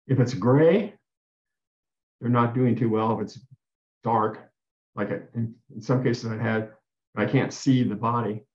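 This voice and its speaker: A man with a darkish, mid-range voice delivers a talk as a guest speaker. Earnest in telling his personal story, he keeps repeating himself and restarting phrases. The recording is dull and roomy.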